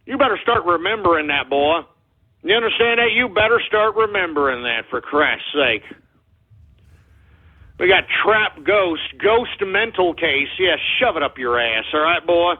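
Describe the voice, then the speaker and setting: Husky, high-pitched belligerent Texan radio host. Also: male voice, expressive, unhurried. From Texas. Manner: belligerent, profane, barking insults and calling listeners "boy". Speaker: radio talk show host. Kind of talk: abrasive call-in radio rant. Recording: phone-like lo-fi radio audio.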